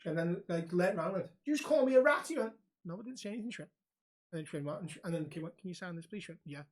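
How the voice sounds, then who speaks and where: A man's voice: on the high side, very fast. A young man chats loosely on a podcast. He tells stories with plenty of laughs and swearing thrown in. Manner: animated storyteller, laughs often, swears freely. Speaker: podcast co-host. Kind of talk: casual chat.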